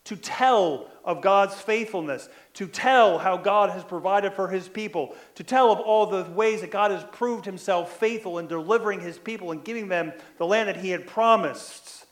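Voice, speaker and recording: High-voiced preacher peppering "right?". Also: male voice, normal speed, hardly any pauses, echoey room. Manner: frequent "right?" tag questions, acts out quoted lines. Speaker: pastor. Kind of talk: sermon.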